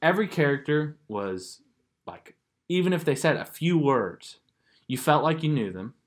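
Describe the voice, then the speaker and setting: A man's voice: fairly high pitch, expressive, moderate pace. A man with a light Southern US accent, co-hosting a podcast in a casual, rambling way and filling his talk with "like.". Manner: rambling, filler-heavy, says "like" a lot. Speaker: podcast co-host. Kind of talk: casual chat.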